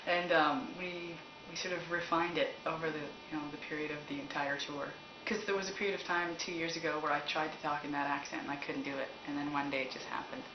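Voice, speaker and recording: Low-voiced woman from Canada, candid and giggly, roomy, muffled, noisy room sound. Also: fairly even intonation, fast talker, few pauses. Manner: laughs often, rambling and candid. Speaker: musician answering fan questions. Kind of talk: casual chat. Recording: roomy, dull, noisy recording.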